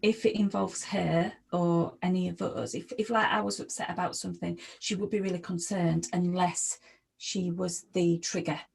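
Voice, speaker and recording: A woman speaking hesitantly about her autistic daughter, with many pauses and restarts. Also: lowish voice, fairly even intonation, a little mellow. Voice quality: gravelly, husky. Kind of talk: casual group chat.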